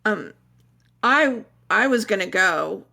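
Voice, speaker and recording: Gravelly bright woman playing a tabletop game. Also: medium pitch, animated. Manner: hesitant, halting, counts dice aloud. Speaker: player.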